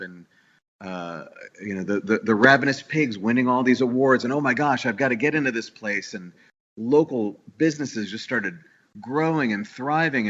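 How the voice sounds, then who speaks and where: A man's voice: mid-range voice, fairly bright tone, dull audio. A man from the New York area talking as a business owner in a casual podcast interview, eager and rambling with many restarts. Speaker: guest, bakery owner.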